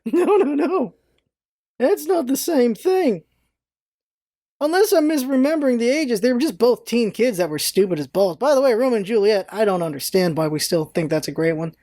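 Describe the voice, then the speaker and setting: A woman ranting in a casual vlog, animated and exasperated, laughing often and swearing freely. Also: a little high, moderate pace, dry recording, studio quality. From United States. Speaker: vlogger, show host.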